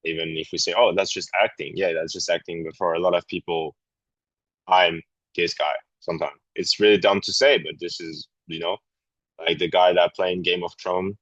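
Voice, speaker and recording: A man with a French accent, a guest actor chatting candidly on a podcast, often pausing to search for words in English. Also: sits low, a bit bright, no room sound, highs cut off. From France. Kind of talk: casual podcast conversation.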